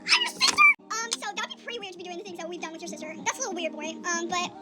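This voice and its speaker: A young woman doing a get-ready-with-me storytime, animated and rambling, laughing and swearing freely. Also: very high-pitched, rapid-fire. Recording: song playing in the room. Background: music.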